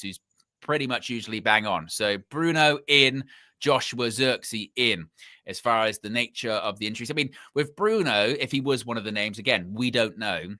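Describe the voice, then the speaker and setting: A man's voice: mid-range voice, sharp tone. A man hosting a live football fan show, chatting casually with sarcastic asides. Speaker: host.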